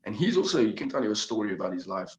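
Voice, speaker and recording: A man's voice: lowish voice, very animated, racing, muffled recording. A young man, a fighter and podcast guest, giving emphatic, profane motivational talk. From South Africa. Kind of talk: casual podcast interview. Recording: echoey room.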